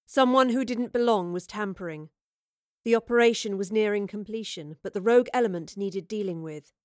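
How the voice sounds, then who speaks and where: A woman's voice: mid-range voice, brisk, darkish tone, no room sound. Woman narrating an audiobook, dry and close. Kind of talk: scripted narration.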